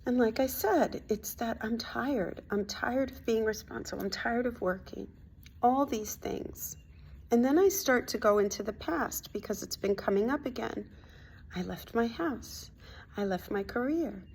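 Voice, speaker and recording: A woman talking through a personal spiritual vlog in a heartfelt, confiding way, at times dropping to a soft near-whisper. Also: on the high side, a little slow, a little hiss or hum. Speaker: hypnotherapist and spiritual vlogger.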